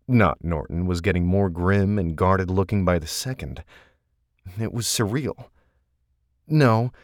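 A male narrator reads a novel with a measured, steady delivery. His voice sits very low, and the recording is close and dry with no room sound. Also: no echo. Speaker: audiobook narrator. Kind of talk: scripted narration.

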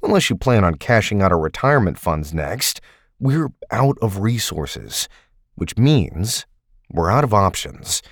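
Guy reading as blunt fed-up ex agent, low voice, clipped and cool. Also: sing-song, measured pace, no echo, clean studio sound, exaggerated voice. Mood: frustrated. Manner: terse, cool and cutting. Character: tense, blunt man, fed-up ex-field agent partner.

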